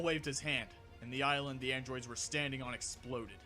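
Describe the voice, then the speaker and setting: A man narrating a fan audiobook in a steady, even storytelling manner. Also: mid-range voice, moderate pace, hardly any pauses, soft background music.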